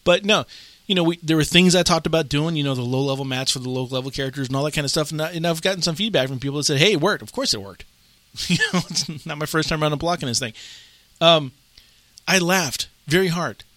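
Guy hosting a gaming podcast, kinda high voice, rambly, laughs a lot, dry close mic. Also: fast talker, a bit bright, dry recording. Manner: rambling and self-amused, laughs often. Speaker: podcast host. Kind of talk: casual gaming podcast chat.

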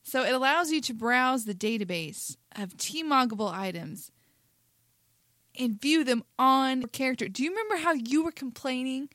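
Southern lady on a podcast, kinda high voice, dry close sound, matter-of-fact. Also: expressive, moderate pace, fairly bright tone, no room sound. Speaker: podcast co-host. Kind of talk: casual podcast chat.

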